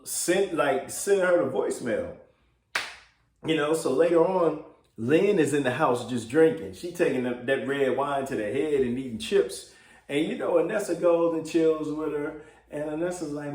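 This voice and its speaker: A man's voice: fairly high pitch, darkish tone. A man giving a loose, casual recap of a TV episode, chatty and full of fillers. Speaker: TV show recap blogger. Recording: roomy echo.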